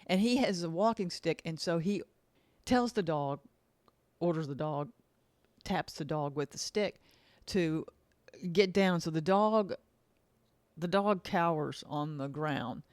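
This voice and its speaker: A woman's voice: deep voice, slow pace, long pauses, darkish tone, no echo. A woman casually telling a rambling story, repeating herself and acting out the dialogue she quotes. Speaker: vlogger.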